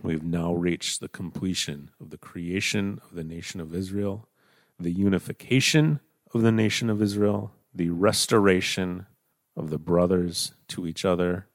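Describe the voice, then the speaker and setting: Male preacher, lowish voice, teaching scripture verse by verse, dry close sound. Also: gravelly, no room sound. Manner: explains verse by verse, shifts between emphatic and hushed. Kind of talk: Bible teaching sermon.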